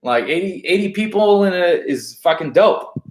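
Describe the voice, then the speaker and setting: American comic guy ranting loose and sweary, slightly high voice, roomy echo. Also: moderate pace. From United States. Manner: profane, animated, rambling with restarts. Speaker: stand-up comedian. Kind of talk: casual backstage interview chat.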